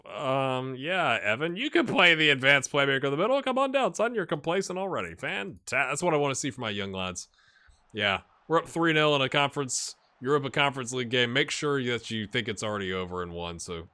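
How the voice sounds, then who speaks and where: A man giving excitable, jokey play-by-play commentary on his football management game, with bursts of shouting at goals. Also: mid-range voice. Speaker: gaming YouTuber.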